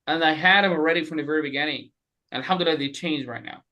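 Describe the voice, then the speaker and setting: A man teaching an online group class, animated and repeating letters slowly for his students. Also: a little high, lo-fi sound. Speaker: Quran recitation teacher. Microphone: webcam.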